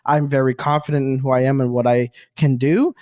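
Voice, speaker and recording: A man from Quebec, a comedian guest on a podcast, chatting in an animated, self-deprecating way. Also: mid-range voice, fairly quick, no echo, clean studio sound. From Quebec, Canada. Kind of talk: casual chat.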